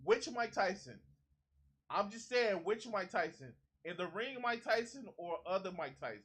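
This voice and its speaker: Man, streamer, heated reaction commentary, indignant, profane, high-pitched, bright voice. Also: lively intonation, moderate pace, slightly rough.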